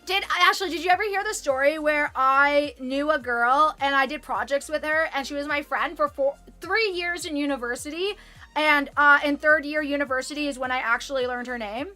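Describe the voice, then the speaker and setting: A woman's voice: high-pitched, normal speed, pushed and bright, faint music behind. A Canadian woman in her twenties chatting casually with her stream viewers, rambling and self-deprecating with the odd swear word. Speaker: livestreamer. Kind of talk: casual chat with viewers while sewing.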